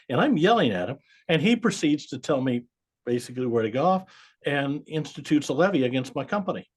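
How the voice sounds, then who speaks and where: Give me a husky man in his seventies telling blunt stories with a lively, swinging pitch. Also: fast. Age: 70s. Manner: blunt, emphatic, swears casually. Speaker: guest, accountant. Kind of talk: storytelling in a podcast interview.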